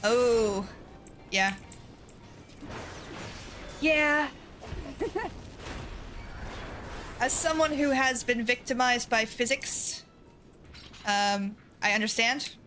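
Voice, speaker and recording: A woman's voice: on the high side, very slow, pauses often, sharp tone, soft background music. A sleepy woman on painkillers, chatting casually while streaming a game in a put-on Irish accent that slips into Southern US, rambling, sweary and giggly. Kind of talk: casual live-stream chat while gaming.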